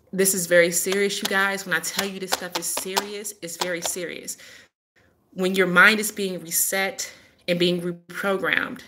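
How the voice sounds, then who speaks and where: A woman talking straight to her viewers in a casual live stream, emphatic and insistent, circling back to the same point. Her voice sits a little low but comes across bright and forceful. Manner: emphatic, repeats her warnings. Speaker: healer hosting a live stream.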